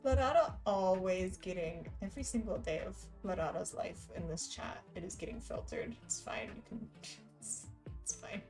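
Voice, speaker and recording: A woman streaming live, chatting loosely and giggling between remarks as she answers her viewers. Her voice sits at an ordinary middle pitch for a woman. Soft music plays quietly behind her. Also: normal speed. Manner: giggly, chatty, reads chat aloud. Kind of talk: casual live-stream chat.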